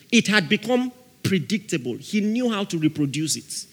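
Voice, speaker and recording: A man preaching a sermon with fervor, calling out to his congregation and rising at times to shouts. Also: sits high, very animated, unhurried. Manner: fervent, calls out to the congregation.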